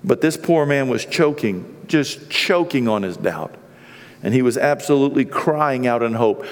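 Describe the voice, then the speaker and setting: A middle-aged man preaching a sermon as pastor, swinging from hushed, quiet stretches to loud, impassioned peaks. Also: mid-range voice, lively intonation, moderate pace. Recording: long reverb of a large hall.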